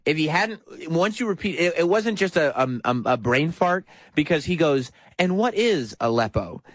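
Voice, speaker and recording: A man's voice: a little high, moderate pace, fairly bright tone, dry recording. A man hosting a radio talk show, sardonic and argumentative, often laughing at his caller. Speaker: radio host.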